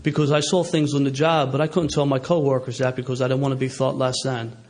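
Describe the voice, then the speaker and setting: A middle-aged man with a Philadelphia accent, telling stories as an AA speaker at a recovery meeting, animated and laughing as he talks. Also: medium pitch, fast. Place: meeting hall with a live audience.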